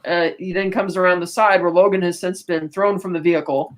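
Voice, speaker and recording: Speaking fairly quickly, a podcast co-host with a fairly low, rather even-toned voice gives a casual film recap. Her retelling of the plot is full of fillers and restarts.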